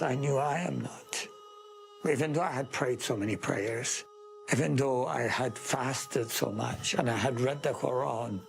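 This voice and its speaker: Slow, earnest man. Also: mid-range voice, creaky, slight background noise. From Iran. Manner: earnest, heartfelt, deliberate. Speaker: interviewee. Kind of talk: personal faith testimony.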